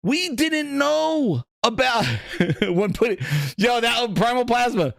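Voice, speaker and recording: A man hosting a live gaming stream, reacting with loud laughter, swearing and repeating himself. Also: very high voice, slow, vocal fry, no echo, clean studio sound. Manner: excitable, laughing, profane, repetitive.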